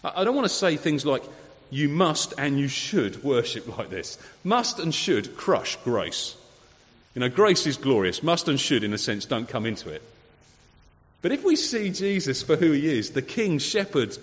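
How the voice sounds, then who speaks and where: A man preaching a sermon, conversational and lively, full of rhetorical questions. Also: mid-range voice, moderate pace. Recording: long hall reverb.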